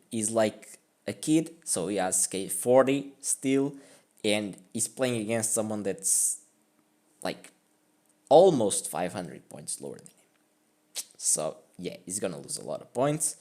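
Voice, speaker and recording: A man's voice: lowish voice, very animated, slow pace, long pauses, darkish tone. Self-mocking man talking through a game. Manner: rambling and self-mocking, full of "like" and "I mean". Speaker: chess streamer reviewing his own game. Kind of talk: casual game commentary.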